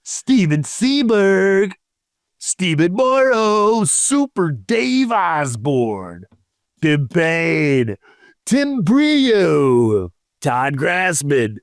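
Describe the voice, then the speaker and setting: A podcast co-host in casual comedy banter, giggly, reading names in a slow mock-serious voice. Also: mid-range voice, very animated, no room sound, studio quality.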